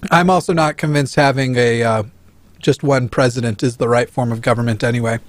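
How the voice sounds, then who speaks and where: A man co-hosting a casual talk show, reading viewer chats aloud in a relaxed way. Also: mid-range voice, brisk, no room sound. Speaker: podcast co-host. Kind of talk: casual chat.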